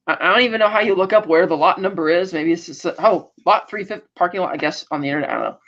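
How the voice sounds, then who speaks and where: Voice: mid-range voice, very fast, fairly bright tone. A podcast co-host talking through a TV episode in a casual, rambling way. Sentences restart and quoted lines get acted out along the way. The recording sounds muffled and lo-fi.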